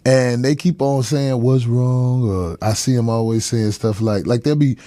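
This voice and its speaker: A man's voice: medium pitch, fairly even intonation, unhurried, mellow, no echo. A middle-aged man hosting a talk show as a comedian, telling stories casually with a lot of profanity and frequent laughter. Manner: profane, laughing, chuckles mid-story; drops into character voices for quoted people. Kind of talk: casual storytelling chat.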